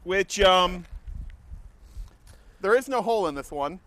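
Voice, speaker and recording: A man hosting a comedy talk show, loud, projecting and overexcited. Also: high-pitched, expressive, unhurried. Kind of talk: comedy sketch.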